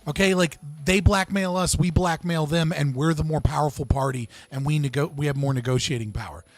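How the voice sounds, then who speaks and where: A man hosting a live stream panel, talking in a casual, animated way with swearing and joking outbursts. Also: fairly high pitch, fairly quick, dry recording. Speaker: livestream host.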